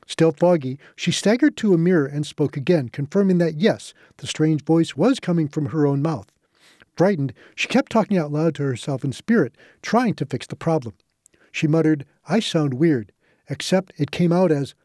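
Mellow, dry-voiced male narrator. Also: on the high side, animated, moderate pace, no room sound. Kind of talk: scripted narration.

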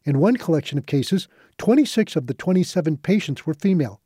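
A man reading a scripted nonfiction narration in an even, measured way. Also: a little high, breathy edge, no echo, studio quality.

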